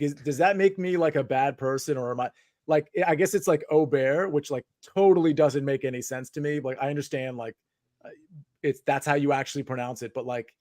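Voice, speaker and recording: A man's voice: medium pitch, a little mellow, no room sound, clean studio sound. A man hosting a casual live sports chat, rambling with many filler words and restarts. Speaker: podcast host.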